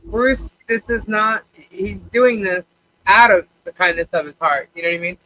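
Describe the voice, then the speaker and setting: A man's voice: sits high, normal speed, pushed and bright, slight background noise, rough recording. A man hosting a live stream chat, chatty and chuckling, often adding "you know what I mean". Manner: chatty, chuckling, asks rhetorical questions. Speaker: host.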